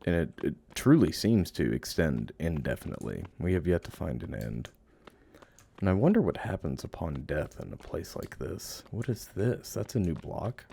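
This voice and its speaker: A man with a very low, gravelly voice talks through a video game. His tone is dark and mellow. He coos playfully at little creatures, then muses in a hushed voice. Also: very animated, moderate pace. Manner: drifts into hushed, musing narration. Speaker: game streamer. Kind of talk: let's play commentary.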